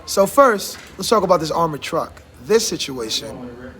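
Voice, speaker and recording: A man's voice: fairly high pitch, very animated, unhurried, fairly bright tone. A man hosting a casual talk show in a barbershop, teasing his guests and laughing often. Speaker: host. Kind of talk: casual chat.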